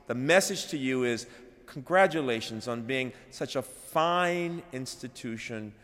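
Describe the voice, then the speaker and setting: A man's voice: mid-range voice, a little slow. Middle-aged man speaking in a reverberant chapel. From Birmingham, Alabama. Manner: storytelling, swings from hushed to loud and animated. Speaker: college president, plenary speaker. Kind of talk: dedication speech in a chapel. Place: large chapel. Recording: long hall reverb.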